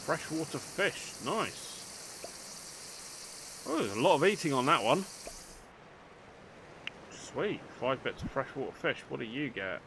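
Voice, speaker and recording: An older man hosts a gaming channel, chatting casually through a let's play with dry, self-mocking humour and talking to the game characters. His medium-pitched voice is sing-song and a little slow, with frequent pauses over a noisy background.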